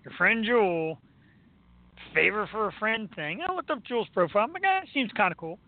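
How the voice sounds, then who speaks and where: A man with a Philadelphia accent hosts a radio show in a loose, excitable chat. His voice sits high. The sound is dry and narrow, like a phone line. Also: fairly quick, no echo. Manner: excitable, rambling, laughs often. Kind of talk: casual chat.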